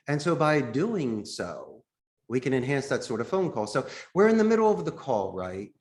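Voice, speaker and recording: A man on a podcast teaching phone sales, his voice sitting at an ordinary middle pitch. He talks like a coach, jumping into little acted-out phone calls to show each technique. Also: big pitch swings, normal speed, a little mellow. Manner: acts out sample phone calls as he explains. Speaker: call center founder, podcast guest.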